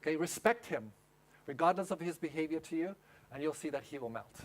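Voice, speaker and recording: A man's voice: fairly high pitch, animated, a little fast. A male pastor giving a humorous, conversational sermon at a camp meeting.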